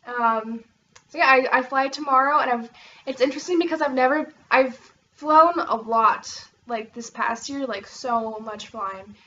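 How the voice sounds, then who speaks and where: A woman's voice: high voice, a little slow, sharp tone, far from the mic, dull audio, a little hiss or hum. A young American woman from Oregon chatting casually to camera, rambling with lots of fillers and bubbly bursts. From Oregon, USA. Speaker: vlogger.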